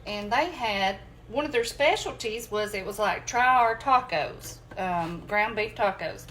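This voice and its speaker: A woman's voice: medium pitch, a little slow, a bit bright, a little hiss or hum. A woman chatting folksily with viewers as she cooks at home, calling them y'all. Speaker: home cooking vlogger. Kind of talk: casual chat while cooking. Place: home kitchen.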